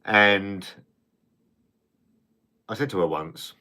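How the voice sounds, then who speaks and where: A man's voice: lowish voice, drawn-out words, pushed and bright. A man hosting a casual live stream, chatting, reading viewer comments, and rambling with frequent restarts and the odd swear word.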